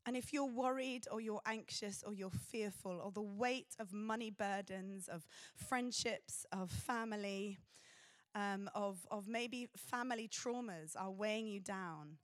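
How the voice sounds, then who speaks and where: A woman preaching a sermon in an earnest, pausing way. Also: medium pitch, no echo, studio quality.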